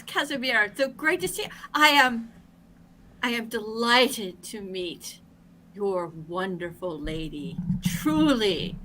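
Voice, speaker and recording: A woman voicing an effusive, flowery English gentleman botanist in a tabletop role-play. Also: fairly high pitch, slight background noise, exaggerated voice. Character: genteel older English male botanist, effusive.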